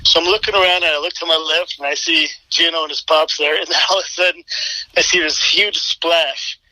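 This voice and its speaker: Bright, dry-voiced man telling a story. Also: a little high, fairly quick, no room sound, rough recording. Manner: animated storyteller, acts out quotes. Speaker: guest, pastor and former fighter. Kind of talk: casual storytelling chat.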